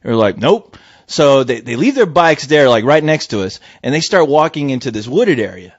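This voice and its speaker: A man co-hosting a podcast, telling a story in casual chat, swearing and breaking into shouted impressions. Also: medium pitch, brisk, no echo. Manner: animated, swearing, jumps into loud shouted impressions of people. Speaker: podcast co-host. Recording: dry, dull lo-fi audio.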